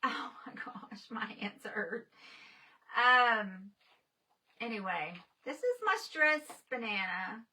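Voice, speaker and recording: A woman's voice: fairly high pitch, expressive, takes it slowly, bright, forceful tone, distant mic, poor audio. A woman painting on a live stream, chatting casually with viewers and laughing often.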